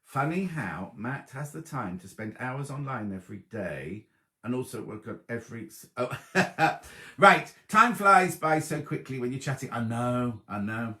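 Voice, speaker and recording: In an echoey, roomy live stream about sewing, a middle-aged man chats casually, reading viewers' comments aloud and greeting each by name with warmth. His mid-range voice is sing-song and unhurried.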